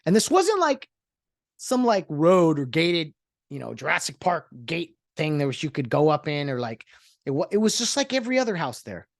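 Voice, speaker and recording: A man's voice: a little high, huge pitch swings, normal speed, vocal fry, no echo, clean studio sound. A man hosting a solo podcast, rambling in casual talk with lots of fillers and sarcastic asides. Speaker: podcast host.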